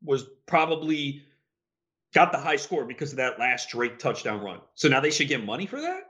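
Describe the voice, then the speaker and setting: Brief: male podcast guest, lively bright voice, argumentative banter. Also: mid-range voice, normal speed. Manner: animated and argumentative. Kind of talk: casual chat.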